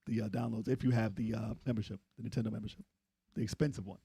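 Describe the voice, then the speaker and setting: Husky male podcast co-host, dry close sound, rambling casual talk. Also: on the low side, steady tone, fast talker, mellow, dry recording. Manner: rambling, restarts and fillers while explaining. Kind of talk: casual chat.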